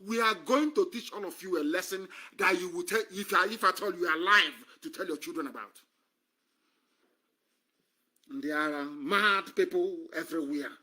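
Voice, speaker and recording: Speaking at a moderate pace in a high, pushed and bright voice, a Nigerian man gives an impassioned political monologue during a live stream. He sounds scornful and emphatic, repeating phrases for effect.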